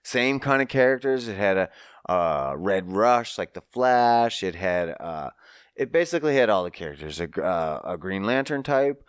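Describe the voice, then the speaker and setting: Animated man recapping a show. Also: moderate pace, clean tone, no echo. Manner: animated storytelling with mocking high-pitched asides and profanity. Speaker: podcast host. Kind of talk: casual podcast chat.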